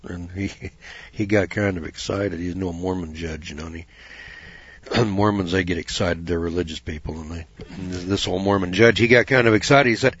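A man's voice: low-pitched, fairly even intonation, normal speed, fairly bright tone, breathy edge, no room sound. A man giving a folksy, preaching talk, rambling, repeating "you know" and putting questions to his listeners. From United States. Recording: dull dry lo-fi recording.

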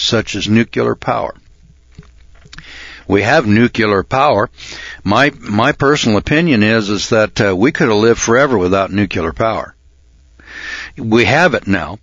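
Low-voiced man clearing his throat. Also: a bit bright, no room sound. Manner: clears throat often, halting restarts, insistent. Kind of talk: speech. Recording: dull lo-fi recording.

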